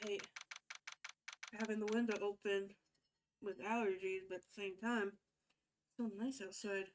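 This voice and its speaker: A woman's voice: medium pitch, fairly even intonation, unhurried. A woman chatting casually and rambling while streaming a video game.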